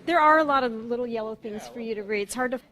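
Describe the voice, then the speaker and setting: A woman in her fifties from Southern California, sharing her life story as a speaker at a recovery meeting. Her voice sits a little high, and she pauses often on ums and restarts. She keeps a wry, self-mocking humor running throughout. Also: a crowd in the background. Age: 50s. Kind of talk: personal storytelling talk.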